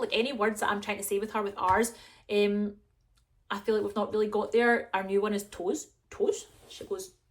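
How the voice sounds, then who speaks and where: A young woman, chatting to camera in a rambling, self-mocking way as a vlogger. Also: mid-range voice. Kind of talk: casual chat to camera.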